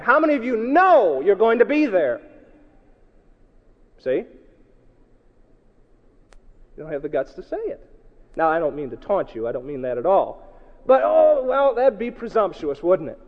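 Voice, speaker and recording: A man preaching a sermon to a congregation in a church hall, emphatic and challenging, swinging between loud outbursts and low asides. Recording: echoey hall, dull lo-fi sound.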